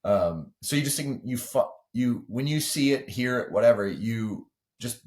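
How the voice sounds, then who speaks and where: A man's voice: mid-range voice, lively intonation, measured pace, darkish tone. A man, a weightlifting coach, speaking as a podcast guest in casual, earnest conversation, explaining with many 'like' and 'you know' asides.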